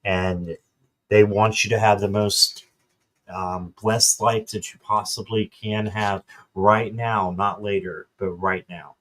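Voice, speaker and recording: A man giving a casual tarot card reading, relaxed and hesitant, with many fillers. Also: on the low side, takes it slowly.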